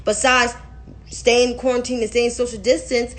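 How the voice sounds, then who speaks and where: A woman's voice: a little high, little pitch movement, moderate pace. A young woman giving blunt, profane, exasperated commentary in a casual vlog. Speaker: political commentator.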